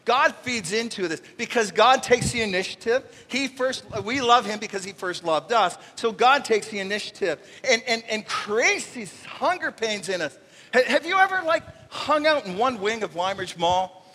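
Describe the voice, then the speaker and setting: A man preaching a conversational sermon as pastor, animated and jokey, acting out little voices. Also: high voice, normal speed. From Canada. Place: church sanctuary. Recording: long reverb of a church hall.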